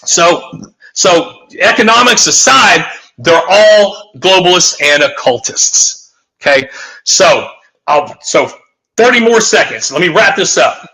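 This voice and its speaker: A man's voice: high-pitched, bright, forceful tone, poor audio. A man on a talk show giving a heated, profane, rambling rant, full of emphatic restarts. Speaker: guest.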